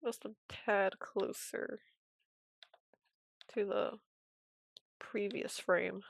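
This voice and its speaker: A woman streaming animation from home, giving casual commentary while she draws, in a soft, quiet, half-whispered way. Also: mid-range voice, steady tone, drawn-out words, gravelly, no room sound.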